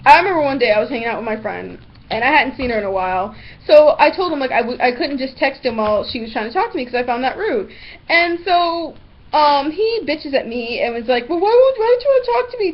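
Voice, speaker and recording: A teenage girl telling a story in a vlog, blunt and animated, swearing freely. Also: high-pitched. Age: teens. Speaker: vlogger. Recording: dull lo-fi webcam audio.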